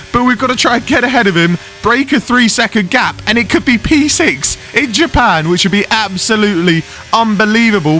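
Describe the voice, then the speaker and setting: A man calls his own racing game play-by-play, quick and excitable. His voice sits high and sounds bright and forceful. Faint game music plays underneath. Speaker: gaming YouTuber commentating his own race. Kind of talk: excited live game commentary.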